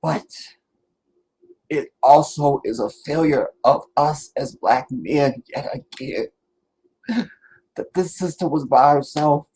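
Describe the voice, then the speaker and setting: A man's voice: medium pitch, a little mellow, husky, poor audio. A man giving an earnest, emotional commentary monologue, preaching at times. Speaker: online commentator.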